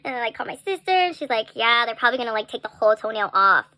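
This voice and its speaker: A young woman telling a story in a casual vlog, chatty and animated, full of "like" and little laughs. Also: on the high side, rapid-fire, no echo.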